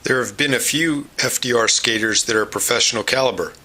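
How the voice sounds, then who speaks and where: A man reading scripted documentary narration in an even, measured way. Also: medium pitch. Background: loud guitar music.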